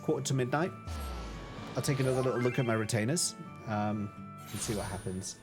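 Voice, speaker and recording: A man's voice: medium pitch, over music. A British man giving casual, rambling commentary while he streams a video game. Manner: chatty, rambling, quick asides. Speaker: gaming streamer.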